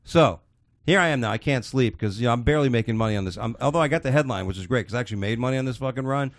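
A man's voice: medium pitch, animated, very fast, no echo. A man casually telling a rambling, profane story, full of restarts.

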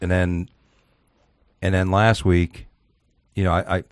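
A man's voice: low-pitched, slow pace, no room sound, studio quality. A man hosting a podcast in casual chat, rambling and profane as he tells stories. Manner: profane, rambling, animated storytelling. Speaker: podcast host.

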